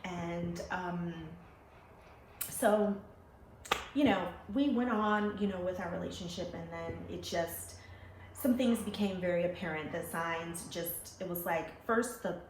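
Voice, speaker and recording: A woman telling her own life story to her viewers, emotional and animated, acting out the voices she quotes. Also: lowish voice, a little slow. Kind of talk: personal storytelling to camera. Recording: echoey room with faint ambient noise.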